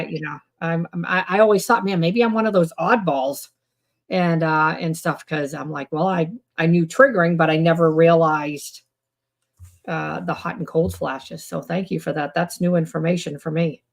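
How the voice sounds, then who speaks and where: A woman with a slightly low voice, talking casually and animatedly. She tells personal stories and jumps up into exclamations when quoting herself. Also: moderate pace, vocal fry. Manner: animated storyteller, quotes herself with high exclamations. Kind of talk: casual chat.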